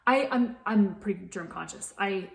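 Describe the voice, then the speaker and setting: A fitness coach in her late thirties tells her own story to camera, candid and chatty, restarting her sentences many times. Her mid-range voice carries some vocal fry and moves at a normal speed. The room is echoey.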